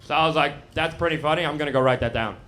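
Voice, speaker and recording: A young American man with a lisp performing a stand-up set in a deadpan, self-mocking way on a comedy club stage. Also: on the high side, fast, noisy background. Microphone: handheld stage mic. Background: audience laughter.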